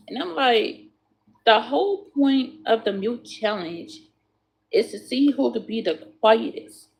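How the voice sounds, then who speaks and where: A woman's voice: on the high side, vocal fry, a little mellow. A woman chatting to viewers while doing hair, swearing freely and calling them y'all. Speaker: hair vlogger.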